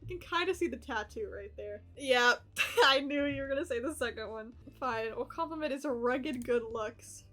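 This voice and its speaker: A young woman on a live stream with a high, bright voice, reacting to a dating game with excitable laughter and blunt swearing. She reads the story aloud and breaks off into quick commentary. Soft music plays faintly under her voice.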